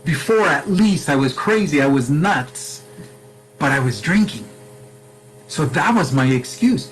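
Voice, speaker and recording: A man's voice: a little high, animated, a little slow, slight background noise, poor audio. A man speaking earnestly to camera as a sobriety coach, stressing his points with repetition and addressing the viewer directly.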